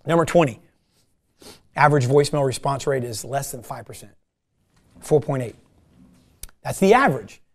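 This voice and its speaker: A man leading a casual sales meeting, coaching his team in an animated way and acting out short phone calls. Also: medium pitch, moderate pace, pauses often.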